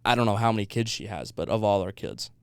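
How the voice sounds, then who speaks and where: A man's voice: on the low side, animated, fast, gravelly, clear, resonant tone, no echo, studio quality. A young man co-hosting a podcast, chatting casually in a blunt, skeptical way and swearing freely. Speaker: podcast co-host. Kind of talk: casual chat.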